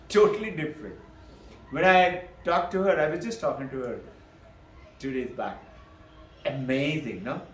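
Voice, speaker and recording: A man with a slightly high voice teaches on Vedanta, posing questions and answering them himself. He is recorded from a distance in an echoey room, with faint noise behind him. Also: unhurried, long pauses. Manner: laughs between points, adds "no?" tag questions. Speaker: spiritual teacher.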